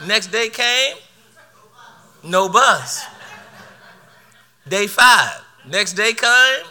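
A man's voice: sits high, lively intonation, drawn-out words, pushed and bright. A middle-aged man preaching a sermon, telling a personal story with laughter and repeated words.

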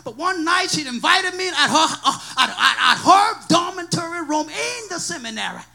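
A man from Africa with an African accent, preaching a sermon with a personal testimony in a sing-song, shouting style. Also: very high voice, sing-song, normal speed, vocal fry, faint music behind. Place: church.

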